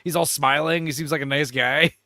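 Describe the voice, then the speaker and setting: A man's voice: a little high, steady tone, brisk, bright, forceful tone, dry recording, studio quality. A man co-hosting a casual film chat, telling the story animatedly and laughing often. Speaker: podcast co-host.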